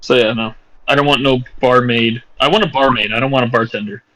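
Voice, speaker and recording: A man's voice: medium pitch, fairly even intonation, brisk, pushed and bright, rough recording. A man playing in a tabletop game, tossing out blunt, joking remarks and in-character quips. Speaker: player. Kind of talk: casual game chat.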